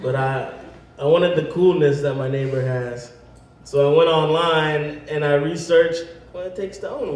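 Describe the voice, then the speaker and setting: A man performing a stand-up comedy set. He delivers deadpan setups and then acts out other voices with animated energy. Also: a little high. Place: comedy venue stage with audience. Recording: echoey room, mic from a distance.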